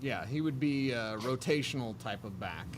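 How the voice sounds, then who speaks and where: A man's voice: medium pitch, animated, normal speed, background noise. A man hosting a sports radio show, giving confident, upbeat takes on football players.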